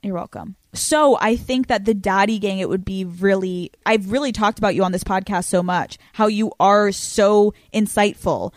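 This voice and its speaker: A woman hosting her podcast in casual chat, brash and profane, quick and often laughing. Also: mid-range voice, dry recording. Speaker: podcast host.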